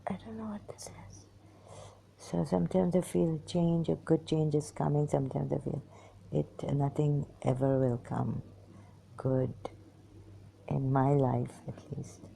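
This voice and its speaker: A worn-out woman talks into the phone she holds, her very deep voice rough with fry and dark in tone. She speaks slowly and haltingly, often fading into a whisper. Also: flat delivery, slight background noise. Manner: halting, hesitant, drifting into whispers. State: exhausted. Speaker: vlogger. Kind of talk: personal monologue to camera. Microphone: phone held in hand.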